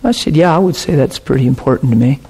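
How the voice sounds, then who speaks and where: A man with a husky, slightly breathy voice delivers a sermon. He speaks with earnest intensity and brings a personal story to life by voicing both sides of the exchange. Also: medium pitch, animated, quick pace, mellow. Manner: earnest, intense, retells quoted dialogue.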